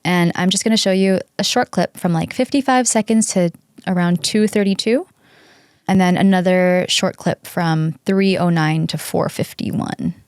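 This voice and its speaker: Female podcast host, earnest fan recap, lower pitch, dry and close. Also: steady tone, normal speed, darkish tone, clean tone, dry recording. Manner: earnest, gushing fan retelling. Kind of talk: casual podcast chat and recap.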